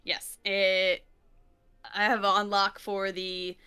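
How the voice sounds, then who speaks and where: A woman's voice: mid-range voice, level tone, takes it slowly, crowd noise. A woman organizing a group charity stream who laughs easily and reads a prologue aloud. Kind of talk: casual group chat and dramatic reading.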